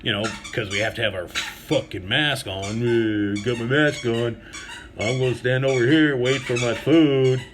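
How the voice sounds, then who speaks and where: A foul-mouthed man rants through an everyday story, sarcastic and crude, bursting into louder acted-out quotes. His voice sits at an ordinary pitch. Steady background noise runs under the recording. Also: a little slow. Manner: crude, sarcastic, swears constantly, acts out quotes in raised voice. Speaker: vlogger. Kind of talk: profane comic storytelling rant.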